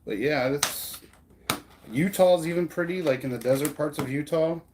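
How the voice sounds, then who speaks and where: An American man hosting a stream rambles chattily through a casual chat, using lots of fillers. His voice is on the high side at normal speed, with background noise present.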